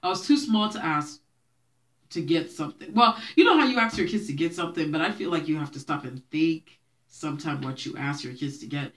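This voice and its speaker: A young Brooklyn vlogger of Haitian background, whose first language was Haitian Creole, speaks briskly in a low voice. She's telling her viewers childhood stories in a chatty, casual way, laughing often.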